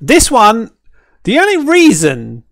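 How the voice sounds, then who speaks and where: A man with a high, lively voice that leaps around as he rants through a reaction stream. He keeps checking in with "right?" and sounds close and dry, with no room around him. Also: slow, vocal fry, dry recording. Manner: animated, ranting, keeps asking "right?". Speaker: streamer and fighting game caster. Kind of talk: ranting reaction stream chat.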